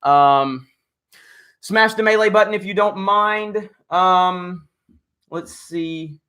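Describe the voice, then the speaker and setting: Hoarse man rambling through a livestream. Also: high-pitched, sharp tone. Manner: rambling, halting, full of fillers. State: hoarse, losing his voice. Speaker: livestream host. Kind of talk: casual livestream chat, reading viewer comments.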